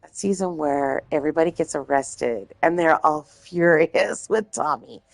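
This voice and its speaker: Low-voiced, rambling woman streamer. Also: measured pace, creaky, no echo. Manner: rambling, swears freely. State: slightly hoarse. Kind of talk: casual chat.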